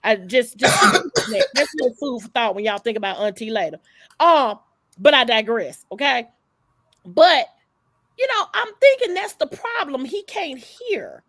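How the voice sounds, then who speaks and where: Sassy high-voiced woman with gravelly edge. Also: expressive, a little slow, a bit bright, no room sound. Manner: sassy, profane, emphatic storytelling. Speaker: livestream host. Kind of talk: casual gossip commentary.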